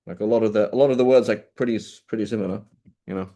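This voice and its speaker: In this classroom lecture, the man's voice is lowish and dark with a steady tone, and he talks at a racing speed. He teaches casually and chattily, constantly checking in with "right?" and asking his students questions.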